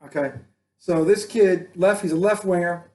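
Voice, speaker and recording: Animated man talking sports. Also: high voice, normal speed. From Boston area. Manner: animated, rambling, jokey, frequent restarts. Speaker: sports talk host. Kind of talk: casual sports chat.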